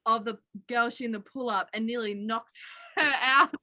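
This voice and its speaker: Young aussie woman, bright sharp voice, lively storyteller, dry close sound. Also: on the high side, moderate pace, no room sound, poor audio. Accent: Australian. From Australia. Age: young adult. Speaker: college basketball player. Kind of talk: casual interview chat. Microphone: video call.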